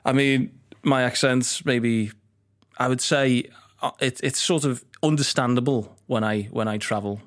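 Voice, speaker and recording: Man, podcast host, middle pitch, teasing, stumbles over words. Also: steady tone, a little slow. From Liverpool, England. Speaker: podcast host and stand-up comedian. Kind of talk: casual interview. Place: warm studio.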